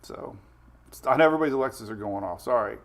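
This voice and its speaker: A man's voice: mid-range voice, fast. A man hosting a casual weather livestream from home, chatty and laughing often while his dogs run around.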